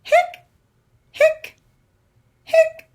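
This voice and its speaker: A woman voicing a small male skeleton who hiccups in high, squeaky bursts. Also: drawn-out words, darkish tone. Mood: hiccuping.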